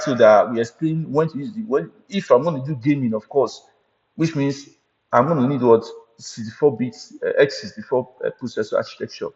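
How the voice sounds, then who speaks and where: A man's voice: medium pitch, darkish tone. A man teaching an IT certification lesson, repeating points and often checking in with "right?" and "you understand?". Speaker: IT certification instructor. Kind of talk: recorded training lecture. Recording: muffled audio with long hall reverb.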